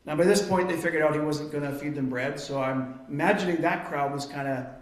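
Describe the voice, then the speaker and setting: A man's voice: a little high, brisk, echoey room. A man preaching a sermon, explaining a Bible passage in an earnest, emphatic way. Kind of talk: expository Bible teaching.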